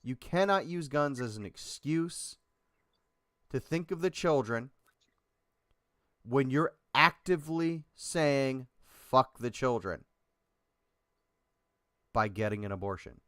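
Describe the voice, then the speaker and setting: A man with a mid-pitched voice that swings widely as he rants, pressing hard on his points and stretching words for emphasis. The sound is dry and close-miked. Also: animated, slow pace, pauses often, a bit bright, dry recording. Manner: emphatic, ranting, provocative. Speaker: podcast co-host. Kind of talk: casual chat.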